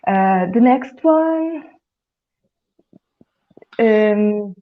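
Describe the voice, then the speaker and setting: A woman from Italy, hosting a casual English conversation and steering the talk in a measured way. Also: mid-range voice, lively intonation. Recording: tinny phone-like call audio.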